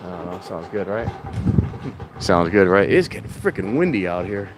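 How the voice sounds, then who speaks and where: A man's voice: low-pitched, lively intonation, normal speed. A man vlogging in a casual, rambling way outdoors at a train station in strong wind, talking into a clip-on mic plugged into his phone and now and then raising his voice. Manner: rambling, chatty, self-correcting, sometimes raises his voice. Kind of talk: casual rambling vlog chat. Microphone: clip-on mic plugged into a handheld phone.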